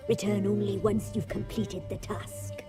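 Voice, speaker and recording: A woman's voice: mid-range voice, flat delivery, unhurried, natural voice. An actress voicing an ancient, sinister witch crone in a video game, speaking in an ominous, portentous way. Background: game music.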